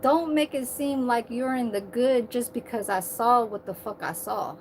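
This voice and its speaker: Woman, 30s, livestream vlogger; higher voice, heated and profane ranting, faint hiss behind. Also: normal speed.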